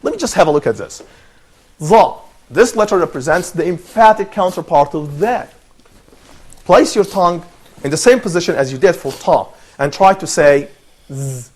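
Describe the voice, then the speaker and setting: Guy teaching arabic letters on tv, patient, kinda high voice, keeps saying can you see that. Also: animated, fairly quick, darkish tone. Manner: patient, encouraging, repeats phrases. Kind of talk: teaching a lesson with a student.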